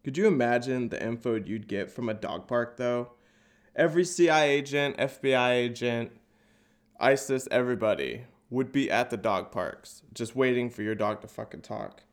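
A man with a stuffy, nasal cold hosts a podcast, doing a crude, sarcastic stand-up bit from an echoey open office. His voice is mid-range and his speed normal.

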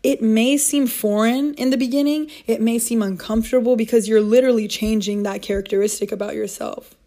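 She's a young adult podcast host with a slightly high, mellow voice, a steady tone and a fairly quick pace. On her motivational show she speaks earnestly and encouragingly, repeating her main points.

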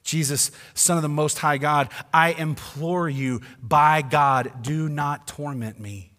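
A man's voice: on the high side, a bit bright, long reverb tail. Man putting on a desperate begging demon. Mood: pleading. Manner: begging, drawn-out pleading.

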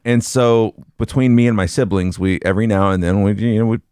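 A man from the American South with a very low voice chats casually as a podcast co-host. He talks in a relaxed, halting way, often restarting his sentences. The sound is close and dry. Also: clear, resonant tone, no echo. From Southern United States. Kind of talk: casual chat.

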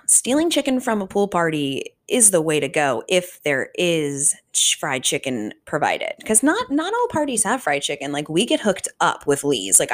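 A woman in her twenties from the Richmond, Virginia area, hosting a podcast in casual solo chat, animated and swearing freely. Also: low-pitched. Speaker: podcast host.

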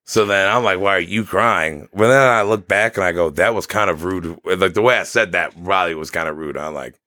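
A man's voice: low voice, fairly quick, sharp tone, dry recording. A young man on a podcast, casually telling stories and acting out quotes in raised voices. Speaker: podcast co-host. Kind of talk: casual chat, storytelling.

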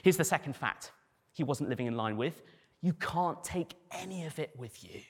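A man preaching a sermon as pastor, animated, with dry humor and acted quotes. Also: a little high, normal speed, vocal fry, breathy edge, big-room sound.

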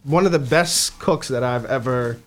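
A man's voice: mid-range voice, normal speed. A man chatting casually as a guest on a radio show, rambling with many restarts. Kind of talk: casual chat. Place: radio studio.

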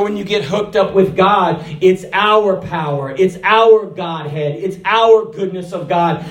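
A man preaching a sermon, animated, swinging from loud shouted peaks to soft low asides. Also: slight background noise.

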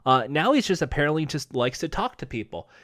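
A man's voice: fairly high pitch, big pitch swings, a little fast, fairly bright tone, no echo, clean studio sound. A man casually recapping a TV episode with sarcastic, profane jokes. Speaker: show recap host.

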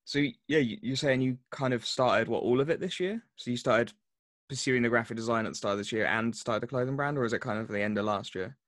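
A man from England hosting a casual interview, friendly and quick to laugh. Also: mid-range voice, fairly bright tone, dry recording, studio quality. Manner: friendly, laughs easily, repeats tags like "isn't it". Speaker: interviewer, host.

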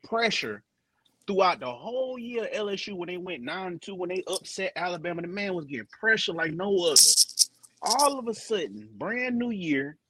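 Animated man in casual sports banter. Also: sits high, normal speed, slight background noise. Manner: animated, slangy, mimics people he quotes. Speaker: podcast co-host.

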